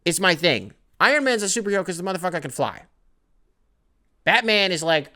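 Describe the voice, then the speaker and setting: A man's voice: sits high, very animated, a little fast, pauses often, bright, forceful tone. A young man hosting his own podcast alone, rambling casually with plenty of swearing and self-deprecating asides. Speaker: podcast host. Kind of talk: solo casual podcast rant.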